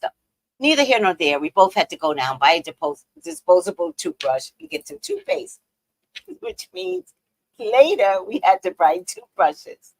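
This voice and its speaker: A woman hosting a live stream, chatting casually with viewers and telling animated stories, laughing often and swinging between loud outbursts and hushed asides. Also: medium pitch, normal speed, gravelly, rough recording.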